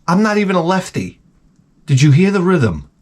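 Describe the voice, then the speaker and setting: A middle-aged man hosting his own channel, giving a crude, profane comedic rant that swings from mutters to shouts. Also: high voice, very animated, normal speed. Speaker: channel host.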